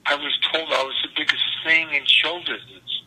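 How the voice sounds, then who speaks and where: A man's voice: fairly high pitch, little pitch movement, fairly quick, bright, forceful tone, voice pushed up, low-quality recording. An older man quoting a weary rock star. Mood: confiding. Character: weary male rock star venting to a friend.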